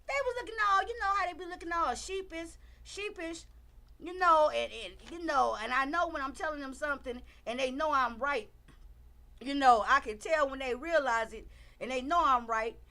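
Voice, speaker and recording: Woman, middle-aged, livestream commentary, bright forceful tone, emphatic, talks to her viewers. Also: sits high.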